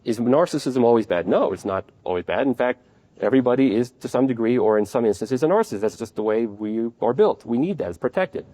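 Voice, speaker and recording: Man, psychiatrist, conference lecture, conversational, fast, mellow voice. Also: mid-range voice, animated. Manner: conversational, explains with acted-out examples. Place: conference at a hotel.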